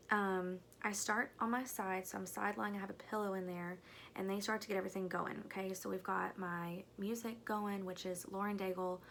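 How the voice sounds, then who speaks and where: A woman's voice: medium pitch, vocal fry, a bit bright, slight background noise. A young woman telling a long personal story to her viewers in a chatty, rambling way, with plenty of fillers and asides. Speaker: vlogger. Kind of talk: casual storytelling.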